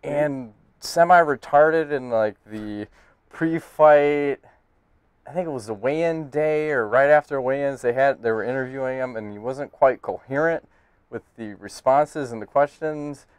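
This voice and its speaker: A man's voice: mid-range voice, unhurried, smooth, no room sound. A man co-hosting a casual podcast, talking bluntly with lots of swearing and laughing banter. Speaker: podcast host.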